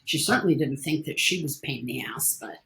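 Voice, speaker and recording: A woman with a notably low voice, chatting as a guest on a podcast. She tells personal stories in a frank, blunt way and drops casual swear words without hesitation. The talk is relaxed and conversational. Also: fast, gravelly, a little hiss or hum. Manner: candid, blunt storyteller who swears casually. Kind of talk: casual interview chat.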